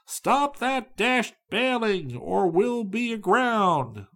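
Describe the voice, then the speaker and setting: A man's voice: on the high side, very animated, measured pace, breathy edge, pitched above the performer's own voice, full character voice. A man voicing a frightened male mate who reports trouble in an agitated way. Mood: terrified. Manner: agitated, alarmed.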